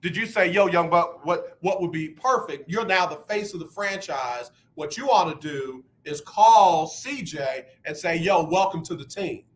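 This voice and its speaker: A man's voice: a little high, lively intonation, unhurried, few pauses, slight background noise. A man in his sixties hosting a sports talk radio show, speaking emphatically and repeating words when fired up. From United States.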